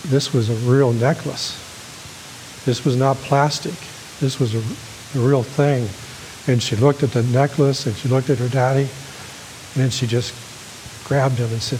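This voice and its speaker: A man preaching a sermon, telling a story in a gentle storytelling manner that rises with emotion. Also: mid-range voice, a little hiss or hum, low-quality recording. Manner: gentle storytelling, rising with emotion at quoted lines. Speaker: pastor.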